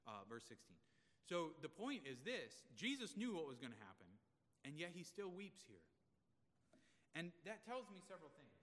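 A man's voice: fairly high pitch, very animated, moderate pace, a bit bright. A male pastor giving an expository sermon in a conversational way, asking the congregation rhetorical questions. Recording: long reverb of a large room.

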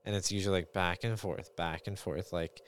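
A man's voice: low-pitched, fairly even intonation, a little fast, clean tone. A man co-hosting a casual podcast chat as a parent, thinking aloud in a rambling way with many fillers.

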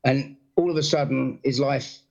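A man from England, chatting casually and telling animated showbiz anecdotes, acting out the people he quotes. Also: mid-range voice, normal speed, gravelly, dull audio. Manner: animated storyteller, acts out quotes.

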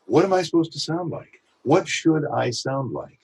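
On the high side with lively intonation and a darkish, husky tone, this man is a voice actor being interviewed on a podcast about his craft. He reflects thoughtfully and illustrates his points with examples and quick imitations.

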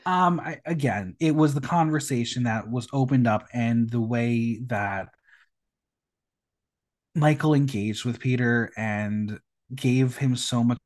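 A podcast host chatting casually, animated and gushing. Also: medium pitch, takes it slowly. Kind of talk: casual chat.

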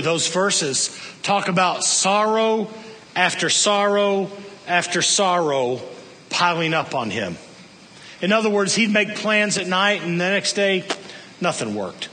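A man preaching a sermon, telling a story with lively swings between raised, emphatic lines and hushed, low ones. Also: in a large hall, slight background noise. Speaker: pastor.

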